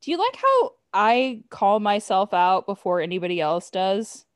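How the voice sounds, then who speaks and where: A young woman co-hosting a podcast, chatty and quick to poke fun at herself. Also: mid-range voice, sing-song, smooth, dry recording, clean studio sound. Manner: chatty, self-deprecating. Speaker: podcast co-host. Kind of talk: casual chat.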